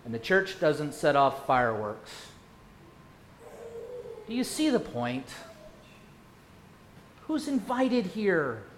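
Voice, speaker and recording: Male pastor, pitched high, preaching a sermon in a reverberant sanctuary; dynamic, questioning delivery. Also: big pitch swings, slow pace, pauses often, a little hiss or hum. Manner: asks many rhetorical questions, swings from loud to hushed. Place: church sanctuary. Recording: echoey church room.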